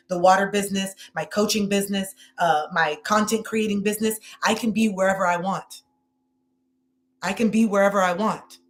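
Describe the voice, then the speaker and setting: A woman hosting a live-stream tarot reading, emotional and effusive, repeating her phrases as she talks to viewers. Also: mid-range voice. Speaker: tarot reader and host.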